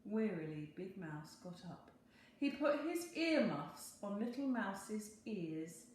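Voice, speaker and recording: Slow, expressive woman reading a storybook. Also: medium pitch. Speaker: teacher. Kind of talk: reading a picture book aloud. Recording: very echoey room, faint hum.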